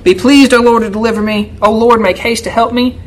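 A man preaching an expository sermon as a church elder, emphatic and often turning to his listeners with "right?", swinging between raised pleading and low, quiet asides. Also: fairly even intonation, brisk, low-quality recording.

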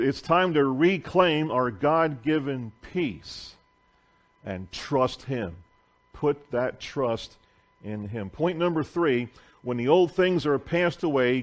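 A man preaching a sermon to a congregation in a church, reading scripture aloud with deliberate pauses. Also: medium pitch.

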